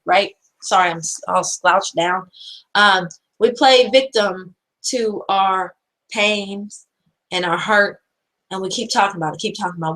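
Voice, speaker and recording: A woman's voice: medium pitch, fairly bright tone, poor audio. A woman hosting an empowerment show, giving earnest, repetitive, preacher-like encouragement in casual motivational talk.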